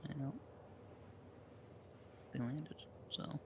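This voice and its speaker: Mumbling, gravelly man on game chat. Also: fairly even intonation, extremely slow, muffled recording, noisy background. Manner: low-key, dry, murmured remarks. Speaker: co-op teammate on voice chat. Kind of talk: casual gaming chat. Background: game music.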